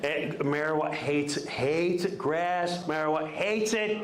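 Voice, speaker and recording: A man's voice: on the high side, unhurried. A middle-aged man doing stand-up, rambling through stories with frequent chuckles. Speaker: stand-up comedian. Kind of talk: stand-up routine. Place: comedy club stage. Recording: echoey club clip with loud crowd and noise.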